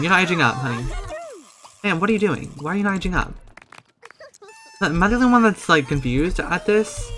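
A man's voice: on the high side, a little fast, bright, forceful tone. A young man hosting a let's-play of a life-sim game, campy and sassy, swearing often and swinging between cooing and outbursts. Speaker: gaming channel host. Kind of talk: casual let's-play commentary.

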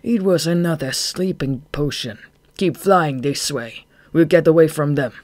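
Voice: mid-range voice, measured pace, darkish tone, no room sound, close to an everyday voice. A reader voicing a dim, nervous bat henchman. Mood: eager. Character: dim, anxious male giant bat henchman. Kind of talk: audiobook character voice.

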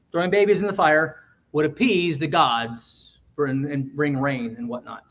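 Guy preaching in church, kinda high voice, punchy, goes loud then drops way quiet. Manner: emphatic, swings between loud and quiet, quick asides. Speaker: pastor. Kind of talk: sermon.

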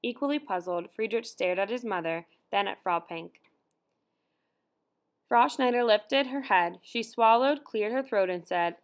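A woman with a mid-range voice narrates an audiobook from a script, keeping a steady, measured delivery.

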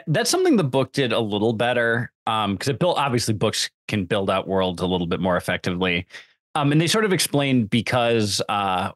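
A man's voice: on the low side, fairly bright tone, no room sound, studio quality. A man co-hosting a podcast, explaining points about a book and its film in a thoughtful, casual way. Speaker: podcast co-host. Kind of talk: casual movie-review chat.

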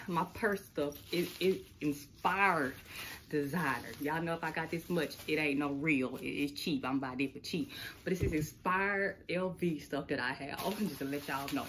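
A woman's voice: low voice, unhurried, a bit bright. A woman chatting casually to camera while unboxing packages, laughing often. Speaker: unboxing vlogger. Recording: noisy home recording.

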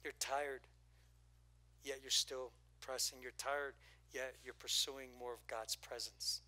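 A man preaching a sermon as pastor in a church, moving from hushed asides to loud, playful rising calls to the congregation. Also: medium pitch, takes it slowly. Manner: animated, swings from hushed to shouting, playful.

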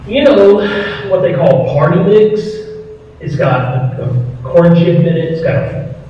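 A man's voice: on the high side, animated, measured pace. A middle-aged man with a Southern American accent, telling stories in a folksy, earnest, plain-spoken way to a live audience, recorded in a firehouse. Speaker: retired firefighter speaker. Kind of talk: storytelling talk to a live audience. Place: firehouse hall. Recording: echoey, muffled hall recording from far off.

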